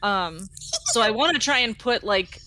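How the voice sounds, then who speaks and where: A woman's voice: medium pitch, lively intonation, moderate pace, pushed and bright, no echo, rough recording. A woman playing a tabletop game, chatting casually and rambling through her plans with lots of fillers. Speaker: player.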